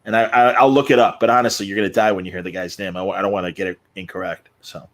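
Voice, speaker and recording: A man's voice: low-pitched, little pitch movement, very fast. A man co-hosting a casual podcast, telling rambling stories and joking with friends. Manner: rambling storyteller, puts on silly voices. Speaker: podcast co-host. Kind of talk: casual chat.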